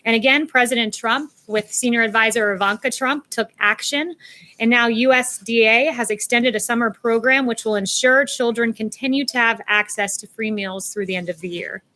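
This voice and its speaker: A woman delivering a prepared political statement in a pointed, crisp way. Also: a little high, moderate pace, sharp tone.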